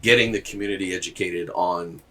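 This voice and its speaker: A man hosting a podcast, chatting in a relaxed, reflective, soft-spoken way. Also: deep voice, brisk. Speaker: podcast host. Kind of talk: casual chat.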